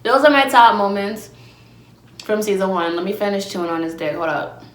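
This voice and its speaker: A woman's voice: medium pitch, expressive, brisk. A young adult woman hosting a podcast on her own, telling stories in a brash, profane, casual way and eating as she talks, recorded on a phone. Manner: brash, profane storytelling, eats while talking. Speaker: podcast host. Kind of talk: casual solo podcast chat. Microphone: phone camera with ring light. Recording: roomy echo.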